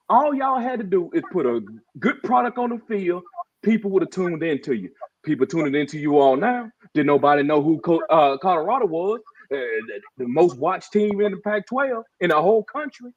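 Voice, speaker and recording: A podcast co-host with a high voice and big pitch swings speaks at a moderate pace in a heated, emphatic sports-talk rant. Fired up, he keeps calling the others "bro" and says "y'all" often. The lo-fi audio sounds dull.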